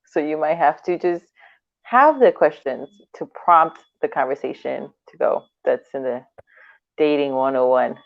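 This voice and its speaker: Low-voiced woman on a tinny line. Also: measured pace, vocal fry, dry recording. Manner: laughs often, acts out quoted dialogue. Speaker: podcast co-host. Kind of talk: casual chat. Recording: dry, tinny phone-like line.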